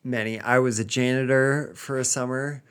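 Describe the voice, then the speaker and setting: A man's voice: medium pitch, fairly even intonation, moderate pace, fairly bright tone, clean tone. A man from the United States co-hosting a casual podcast chat, hesitant, with frequent ums and restarts. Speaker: podcast co-host.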